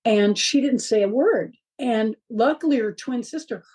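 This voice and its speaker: A woman guest, a parent of three, talking in a casual interview as an animated storyteller who fills her talk with fillers and laughs. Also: a little high, measured pace, husky, low-quality recording.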